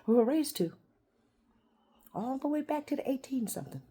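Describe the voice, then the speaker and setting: Woman vlogger, lively pitch swings, rambling monologue, loud bursts then whispers. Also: moderate pace, breathy edge. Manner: swings between loud outbursts and hushed whispers; confrontational, addresses unseen listeners.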